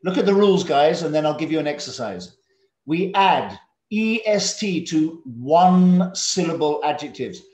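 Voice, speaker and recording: A man teaching English to students over a video call. He is patient, drills words slowly, calls on students by name and drops in Indonesian classroom words. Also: a little high, animated, darkish tone, reverberant.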